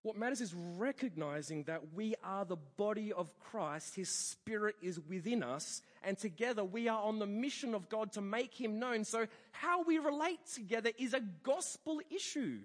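A man's voice: high voice, moderate pace, hardly any pauses. A man preaching a sermon, telling a story and acting out the people in it. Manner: storytelling with animated quoted voices. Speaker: pastor. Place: church hall. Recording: long church hall reverb.

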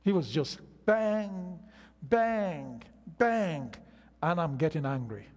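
An older man preaching a sermon, slow and emphatic, with long pauses between phrases. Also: a little high, sing-song, a little mellow. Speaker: pastor. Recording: long reverb of a large hall.

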